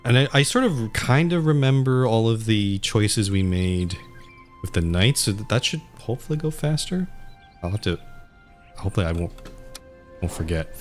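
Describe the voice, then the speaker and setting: A man's voice: fairly low pitch, sing-song, moderate pace, faint music behind. A male streamer giving rambling gameplay commentary, often cutting himself off mid-thought. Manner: rambling, self-interrupting.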